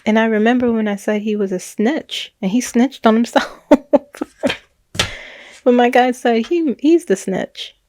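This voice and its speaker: A woman's voice: on the high side, steady tone, a little slow, pauses often, darkish tone, no echo. A woman, a psychic reader, casually recounting a reading in a chatty, rambling way with frequent laughs and restarts.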